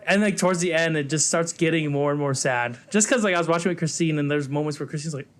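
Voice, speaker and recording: A man's voice: fairly high pitch, quick pace, fairly bright tone. A man co-hosting a podcast, casually reviewing movies in a rambling way, full of fillers and acted-out quotes. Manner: rambling, lots of "like" and "um", acts out quotes. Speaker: podcast co-host.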